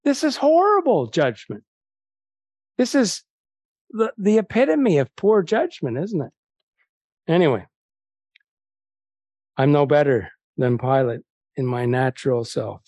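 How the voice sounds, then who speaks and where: A man's voice: on the high side, big pitch swings, a little slow, long pauses, a little mellow, no room sound. A man preaching an evangelistic sermon, reading Bible verses aloud and pressing his listeners with indignant rhetorical questions.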